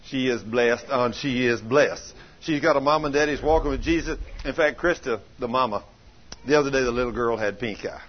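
A man preaching a sermon, telling folksy stories and swinging from loud to hushed. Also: mid-range voice, a little fast. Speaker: pastor. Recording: dull lo-fi sermon recording.

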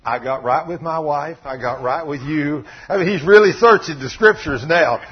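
Preacher guy, high husky voice, gets loud telling stories, lo-fi sound. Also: moderate pace. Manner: animated, acts out quotes with big swings in loudness. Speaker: pastor. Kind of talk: sermon storytelling. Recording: dull lo-fi broadcast audio.

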